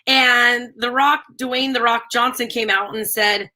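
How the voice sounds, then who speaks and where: Female co-host, bright and a touch high, chatty and giggly. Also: steady tone, a little slow. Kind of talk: casual chat.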